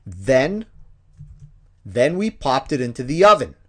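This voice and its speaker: A man teaching a punctuation lesson, explaining step by step in an animated, playful way. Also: mid-range voice, slow pace. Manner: animated, playful, acts out examples.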